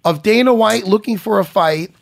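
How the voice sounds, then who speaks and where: Man, podcast host, loud and teasing, lots of cursing, slightly high voice, dry close mic. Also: moderate pace, gravelly, no room sound. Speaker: podcast host, former fighter. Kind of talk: casual chat.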